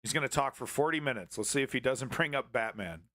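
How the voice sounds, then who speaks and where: A man's voice: mid-range voice, lively intonation, fast, background noise. A man hosting a live show, talking casually and sarcastically over news clips in a rambling way. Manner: rambling, sarcastic, laughs often. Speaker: show host reacting to clips. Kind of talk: casual reaction commentary.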